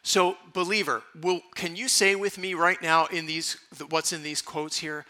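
A man's voice: fairly high pitch, steady tone, normal speed, hardly any pauses, bright, forceful tone. A man preaching a sermon as pastor, emphatic and repeating his key phrases for weight.

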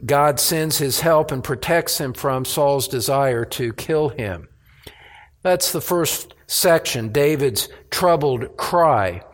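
A man preaching a sermon as pastor, emphatic, with pauses and restarts. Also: mid-range voice.

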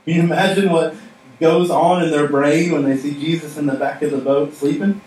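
A man's voice: a little high, steady tone, fairly quick, a little mellow. Man preaching in an echoey hall. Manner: conversational, joking, asks the audience questions. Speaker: pastor. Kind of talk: sermon. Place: stage in a church hall. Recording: echoey room from far off with faint noise.

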